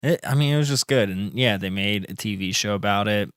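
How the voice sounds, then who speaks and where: A man's voice: fairly low pitch, fairly quick, fairly bright tone, smooth, dry recording, clean studio sound. A man in his thirties co-hosting a podcast, talking loosely with lots of fillers and casual swearing. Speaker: podcast co-host. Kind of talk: casual chat.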